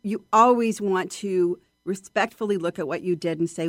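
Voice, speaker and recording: A woman voice coach chatting in an interview, lively and expressive, often acting out her students. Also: fairly low pitch, moderate pace, dry recording, clean studio sound. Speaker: voice coach guest. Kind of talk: casual interview chat.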